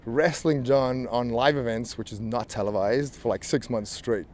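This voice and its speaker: A man's voice: mid-range voice, steady tone, normal speed, a little mellow. Laid-back South African-American accented man. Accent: South African mixed with American. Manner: laid-back, laughs often, rambling restarts. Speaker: professional wrestler guest. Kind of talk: casual interview. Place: outdoors near a helicopter. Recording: faint outdoor noise with helicopter.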